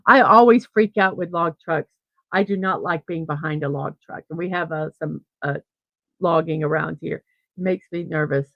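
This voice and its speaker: A middle-aged woman with a low-sitting voice hosts her daily morning livestream, rambling through a lively story and chatting over viewer comments with frequent laughs and restarts. She talks at normal speed. The recording is dry and lo-fi.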